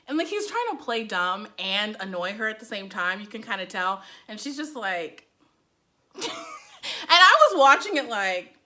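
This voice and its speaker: A woman's voice: fairly high pitch, lively intonation, fairly quick, pushed and bright. A young woman, a librarian, giving a casual TV reaction, sarcastic and laughing often. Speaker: librarian reviewing TV.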